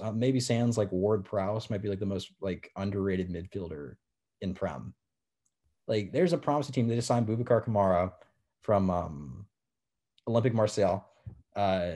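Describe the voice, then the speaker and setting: A man from the United States talks sports on a casual podcast, excitable and stringing thoughts together with constant "like"s. His voice sits on the low side but jumps up sharply when he gets worked up. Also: fairly quick. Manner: excitable, fills every phrase with "like". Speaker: podcast co-host.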